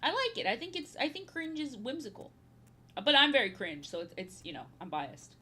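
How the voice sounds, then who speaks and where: Woman, 30s, streamer; bright, forward tone, rambling and repetitive, goofy casual chat. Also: on the high side, sing-song, fairly quick, slightly rough. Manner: rambling, repeats her own phrases; playful, slips into silly voices. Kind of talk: casual chat while painting.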